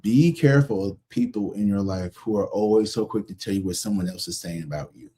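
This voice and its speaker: Husky low-voiced man giving a tarot reading. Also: fairly quick, warm tone. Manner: conversational, acts out other people's voices; blunt, swears freely. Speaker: tarot reader. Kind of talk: casual spoken tarot reading.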